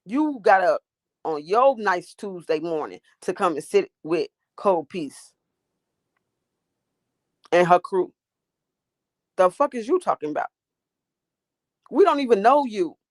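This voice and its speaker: A woman's voice: fairly low pitch, lively intonation, slow pace, long pauses, no echo. Profane ranting woman livestreamer, dry sound. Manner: profane, confrontational, talks back to chat. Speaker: livestream host.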